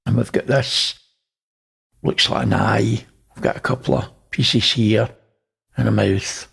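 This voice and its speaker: A man's voice: lowish voice, steady tone, unhurried, vocal fry, a bit bright, slightly rough. A man hosting, casually talking through images and pointing things out. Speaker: host. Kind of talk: casual narration over images.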